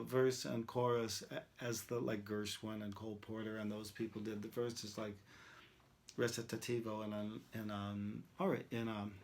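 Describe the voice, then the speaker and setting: A man's voice: mid-range voice, vocal fry, a little hiss or hum. A man teaching songwriting, thinking aloud as he tries out rhymes and sung lines over a guitar. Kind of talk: songwriting demonstration, talking and singing.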